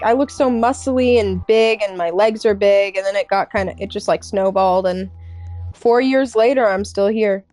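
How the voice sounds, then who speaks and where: A young adult woman streaming live and chatting with viewers in a candid, earnest way, halting often with fillers and restarts. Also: medium pitch, darkish tone. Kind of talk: casual chat with stream viewers.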